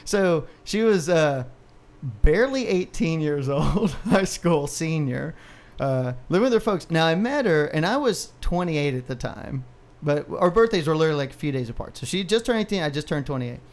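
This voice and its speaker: Male podcast co-host, thirties, slightly high voice, loose profane storytelling, laughs a lot. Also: expressive, normal speed. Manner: profane, rambling, laughs often. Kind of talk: casual storytelling.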